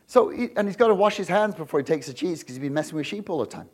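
Man preaching, high voice, very animated, emphatic, jokey, keeps asking the crowd "right?". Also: quick pace, hardly any pauses, slightly rough. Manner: animated, asks the crowd frequent "right?" questions; jokey and emphatic, often laughing. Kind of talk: sermon.

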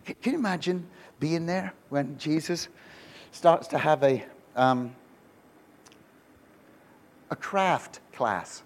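This man's voice sits on the high side, with lively intonation, a slow pace and long pauses. He's a pastor giving a humorous sermon, telling joke-filled stories, asking rhetorical questions and restarting frequently.

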